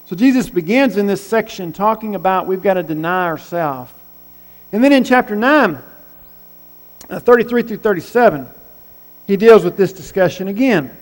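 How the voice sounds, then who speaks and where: Man, preacher, high voice, conversational sermon, rhetorical questions, reverberant hall. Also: animated, normal speed.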